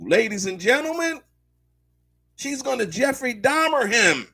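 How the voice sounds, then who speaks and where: A man's voice: high-pitched, expressive, normal speed, creaky, a bit bright, husky, no echo. A man hosting a live show, commenting on court news in a loose, slangy way, repeating himself and talking straight to his viewers.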